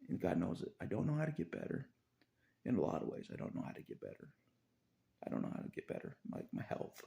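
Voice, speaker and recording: A man's voice: low voice, gravelly, warm tone. A man talking in a rambling, confessional monologue, repeating phrases and chuckling between thoughts.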